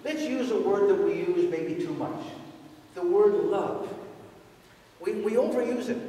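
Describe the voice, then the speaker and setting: A man's voice: high voice, animated, measured pace, pauses often, dark tone. A man preaching a sermon in a conversational way, asking his congregation rhetorical questions. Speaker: priest. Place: large church. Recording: echoey church from far off.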